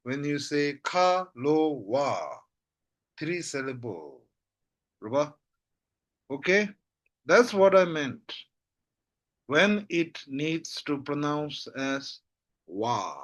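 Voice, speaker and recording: A man teaching a language lesson, repeating syllables slowly and often checking that his listener follows. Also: a little high, animated, fairly bright tone. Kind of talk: slow spoken lesson.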